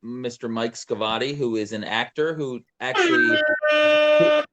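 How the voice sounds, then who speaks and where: A man guesting on a podcast, telling casual stories in a quick, offhand way. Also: medium pitch, wildly swooping pitch, highs cut off, very noisy. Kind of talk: casual chat.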